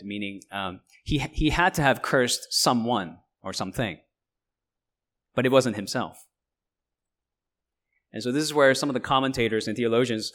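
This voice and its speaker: Man teaching Bible verses conversationally. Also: medium pitch. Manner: conversational, checks in with frequent "right?"; explains and paraphrases in lively asides.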